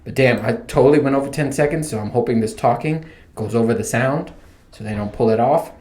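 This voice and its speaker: A man's voice: mid-range voice, a little fast. A young man hosting a casual solo talk, joking and swearing as he retells a horror movie scene. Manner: joking, profane, acts out loud imagined lines to a ghost boy. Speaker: podcast host.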